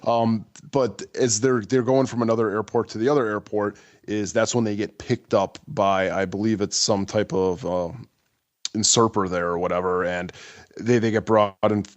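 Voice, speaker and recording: A man's voice: fairly low pitch, steady tone, moderate pace, dry recording. A man co-hosting a film podcast, recounting scenes in a rambling, hesitant way with frequent amusement. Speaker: podcast co-host. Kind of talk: casual film review chat.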